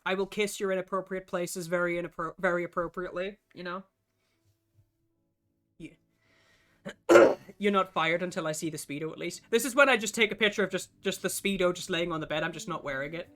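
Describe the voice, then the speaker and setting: A man's voice: sits high, a little fast, fairly bright tone. A man, chatting casually and profanely with his stream chat while getting over a cough. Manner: rambling, profane and jokey, answers chat. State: lingering cough. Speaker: game streamer. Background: guitar music playing.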